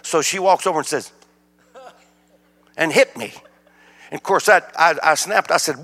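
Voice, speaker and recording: Standing in as a guest preacher in a church sanctuary, an older man delivers his sermon through animated, folksy stories. His voice is fairly high, his pace normal, and he pauses often, with the hall's reverb audible.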